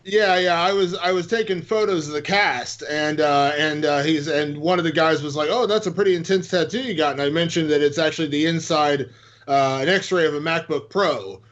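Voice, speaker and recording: A man chatting as a guest journalist, halting and full of fillers. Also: on the high side, steady tone, a bit bright. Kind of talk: casual interview. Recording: dull lo-fi audio.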